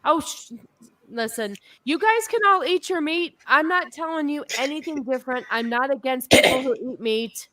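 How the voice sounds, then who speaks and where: A woman's voice: high-pitched, expressive, moderate pace, sharp tone, no room sound. A woman in her forties hosting a casual livestream chat, talking loosely and exclaiming now and then. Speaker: podcast host.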